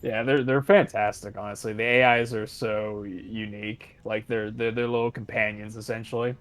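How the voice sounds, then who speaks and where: A man's voice: lowish voice, level tone, moderate pace. A man talking casually with a friend over a voice call, rambling and repeating himself with frequent laughs.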